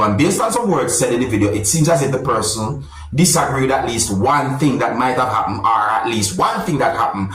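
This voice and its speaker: A man's voice: mid-range voice, fairly bright tone, reverberant, rough recording. A man hosting a vlog, commenting on a clip in a rambling, hedging way. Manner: rambling, repetitive hedging phrases. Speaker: vlog host commenting on a video. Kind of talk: casual video commentary.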